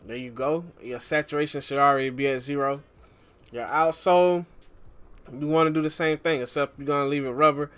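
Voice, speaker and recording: A man casually walking viewers through a game tutorial, relaxed and chatty, often calling the listener "man". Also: a little high, a little fast, smooth, faint music behind. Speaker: gaming YouTuber.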